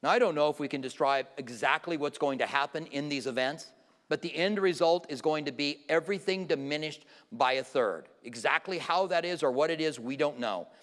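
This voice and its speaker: A man with a fairly high voice teaches scripture in a conversational way, stopping to quiz his audience. His voice carries a long reverb from a large hall. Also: fairly quick, a bit bright. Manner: informal, questions the audience directly. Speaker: Bible teacher. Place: church hall with a live audience.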